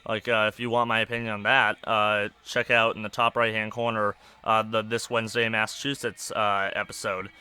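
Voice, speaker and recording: Monotone young man rambling. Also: lowish voice, fairly quick, hardly any pauses, clean tone. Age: young adult. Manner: monotone, rambling with many fillers. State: stressed. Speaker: podcast host. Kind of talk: casual personal rambling over a wrestling match.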